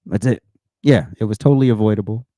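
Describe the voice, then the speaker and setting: A man's voice: on the low side, quick pace, dark tone, no echo, studio quality. A man hosting a commentary show, reacting to news clips with blunt, profane, mocking rants. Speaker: host.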